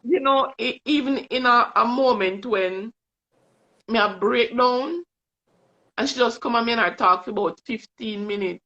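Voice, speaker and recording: Earnest Jamaican woman, gravelly bright voice. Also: fairly high pitch, normal speed. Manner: earnest, emotional storytelling. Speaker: guest, vision board coach. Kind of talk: casual chat on a livestream. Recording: dull lo-fi stream audio.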